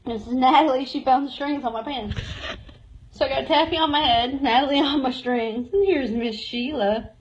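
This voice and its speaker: A woman's voice: sits high, normal speed, dull audio, a little hiss or hum. A woman giving a live tour of a cat shelter, cooing and baby-talking to the cats as she goes. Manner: coos and baby-talks to cats.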